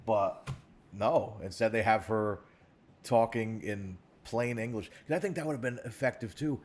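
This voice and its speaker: A man with a low-set voice talks casually on a podcast set, circling his points with restarts and side comments. He sounds loose and conversational, animated when a joke lands. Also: moderate pace, slight background noise. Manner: rambling, many restarts and "like"s, animated asides. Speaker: podcast co-host. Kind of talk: casual chat. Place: podcast studio set in a recording studio.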